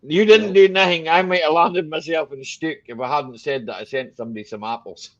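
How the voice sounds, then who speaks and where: A man's voice: fairly high pitch, a little fast, fairly bright tone, lo-fi sound. A Scottish man hosting a casual live-stream chat, joking and laughing often. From Scotland. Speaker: host.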